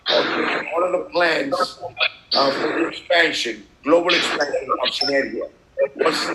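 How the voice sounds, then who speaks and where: A man hosting an online video call, talking in a halting way and switching between English and Spanish, heard through a damaged laptop speaker. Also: a little high, very noisy. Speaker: meeting host.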